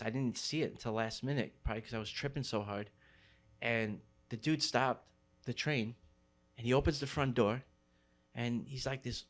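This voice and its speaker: A man's voice: mid-range voice, a bit bright. New man telling a street story. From New York City. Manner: street slang, many fillers. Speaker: graffiti writer. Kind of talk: storytelling interview.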